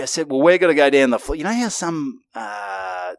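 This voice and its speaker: Aussie comedian guy yarning about a gig, bit high voice, dry close mic. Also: normal speed, no echo. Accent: Australian. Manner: animated, acts out quotes. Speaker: comedian co-host. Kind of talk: casual storytelling chat.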